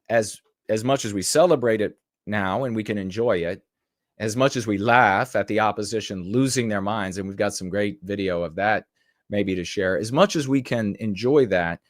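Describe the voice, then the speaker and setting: A man's voice: lowish voice, animated, moderate pace, dry recording, studio quality. A man hosting a podcast in a casual, rambling and sarcastic commentary style. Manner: rambling and sarcastic, mimics people mockingly. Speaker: podcast host.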